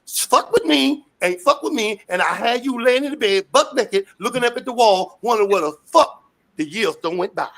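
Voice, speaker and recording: Gravelly guy from the us ranting hard in a street interview, cussing and yelling. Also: very high-pitched, lively intonation, moderate pace. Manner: fiery, profane, shouting rants.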